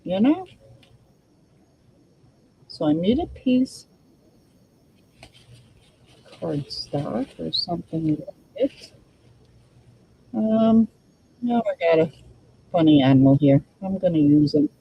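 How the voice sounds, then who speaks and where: A woman's voice: lowish voice, animated, takes it slowly, long pauses, breathy edge, muffled recording. A woman hosting a casual crafting demo, thinking aloud and chatting to her viewers while she works. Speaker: crafting channel host.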